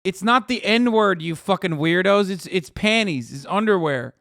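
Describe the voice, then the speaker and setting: Streamer guy, kinda high clear voice, dry close sound, swears a lot, keeps going "what?". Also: lively intonation, normal speed, no room sound. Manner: incredulous, profane, loud outbursts. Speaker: streamer reacting to clips. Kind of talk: casual livestream reaction.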